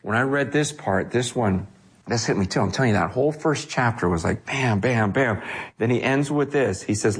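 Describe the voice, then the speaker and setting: A middle-aged man preaching a sermon, animated, his delivery swinging from hushed lines to raised, quick ones. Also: medium pitch, husky. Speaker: pastor.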